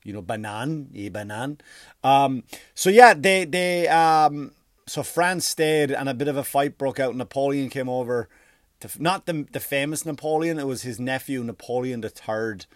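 A man from Ireland, telling a rambling, profane mock history with deadpan jokes and silly put-on voices. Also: mid-range voice, normal speed, no room sound, studio quality. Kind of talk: comedic storytelling monologue.

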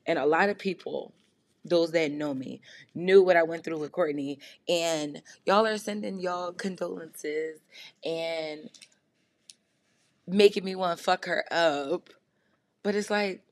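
A woman's voice: sits low, no echo. A woman hosting her own show, talking in a casual confessional monologue, blunt and profane, jumping from topic to topic. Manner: rambling, jumps from topic to topic. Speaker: podcast host.

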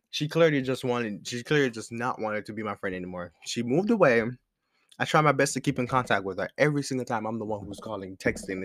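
A young man hosts a podcast and tells a personal story in a casual monologue, his fairly low voice a bit bright. He rambles candidly with slang and frequent restarts. There's no room sound, just a squeaky chair in the room.

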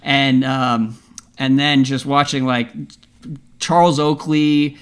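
A man's voice: medium pitch, fairly even intonation, slow pace, smooth. A man co-hosting a sports podcast, rambling and self-deprecating, laughing at himself. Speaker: podcast co-host. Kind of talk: casual sports chat.

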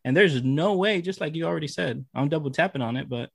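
A man's voice: on the high side, fast talker, gravelly, fairly bright tone, breathy edge, dry recording, clean studio sound. A man co-hosting a podcast interview, talking in an emphatic, heartfelt way and repeating phrases for emphasis. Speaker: podcast co-host. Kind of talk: casual interview chat.

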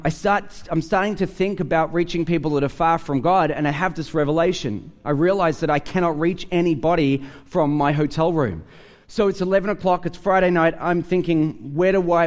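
An Australian pastor with a high voice preaches a relaxed, conversational sermon full of stories. He acts out the dialogue in different voices, his pitch rising and falling animatedly as he goes.

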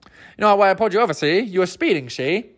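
A man's voice: high-pitched, expressive, fast. A man doing an old-timey mobster-talking cop. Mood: gruff. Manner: clipped, ends lines with "see?".

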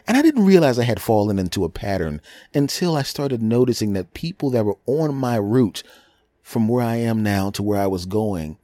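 A man's voice: fairly low pitch, expressive, moderate pace, warm tone, dry recording. A man hosting his own podcast, telling a rambling, self-mocking comic story and acting out the voices of the people in it. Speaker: podcast host. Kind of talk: comedic storytelling monologue.

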